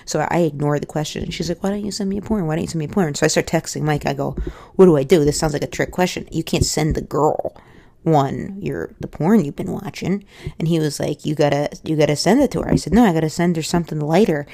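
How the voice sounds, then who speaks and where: A woman's voice: low voice, quick pace, creaky, warm tone. A young woman doing stand-up, telling rambling, candid and crude stories full of asides. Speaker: stand-up comedian. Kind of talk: stand-up storytelling.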